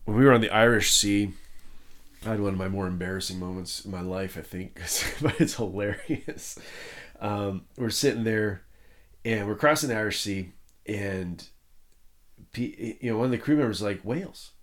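A man hosting a podcast in casual chat, telling self-mocking stories and acting out other people's lines. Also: moderate pace. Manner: animated, self-mocking, acts out quotes in high voices. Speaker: podcast host.

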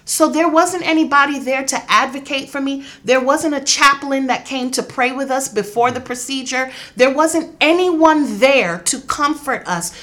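A woman's voice: sits high, normal speed, hardly any pauses, fairly bright tone. A young adult woman, a grieving mother, giving earnest, intense personal testimony in an interview, acting out what others said. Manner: earnest, intense, reenacts dialogue.

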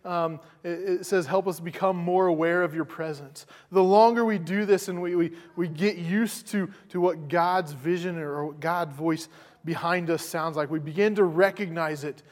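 A pastor delivers a sermon in a relaxed, conversational way, often doubling back on his words. His voice sits a little higher than most men's. The sound carries the long, lingering echo of a large church sanctuary. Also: normal speed. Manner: conversational, repeats words, chuckles.

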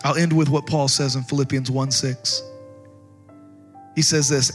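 A man's voice: medium pitch, level tone, a little slow, long pauses, faint music behind. A middle-aged man preaching as a pastor, passionate and conversational, often restarting his phrases. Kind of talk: sermon.

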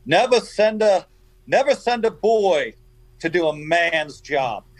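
A man imitating a needling older Italian poker player with a deep voice and an Italian accent, drawing out each word. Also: expressive, dry recording. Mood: taunting. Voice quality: deep, drawn-out delivery.

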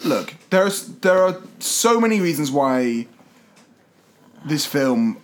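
A man's voice: fairly high pitch, big pitch swings, takes it slowly. A man, casually chatting as a podcast co-host and complaining with wry emphasis. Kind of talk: casual chat.

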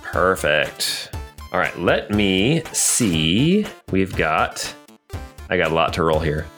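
A man narrating as game master of a tabletop role-playing game, relaxed, with filler ums. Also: low-pitched, slow, soft background music.

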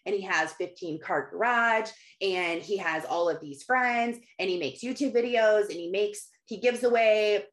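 A woman's voice: mid-range voice, moderate pace, hardly any pauses. Earnest mother with run-on lists. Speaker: mother giving life advice. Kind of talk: candid motivational monologue.

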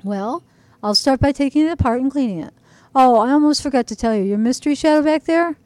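A woman's voice: sits high, fast, darkish tone, no room sound, voice pushed up, close to an everyday voice. Woman doing a cheerful treasure-hunting dad. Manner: hearty and upbeat. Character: cheerful dad who loves junk treasure.

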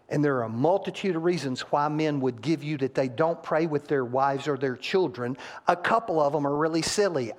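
A male pastor preaching a sermon in a church and acting out quotes from couples to make his points. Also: a little high. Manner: animated, acts out couples' quotes, rising loud on punchlines. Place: church sanctuary.

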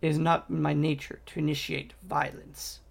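A man's voice: fairly high pitch, level tone, moderate pace, creaky. A man voicing a female angel of vengeance who speaks in an earnest, pleading way.

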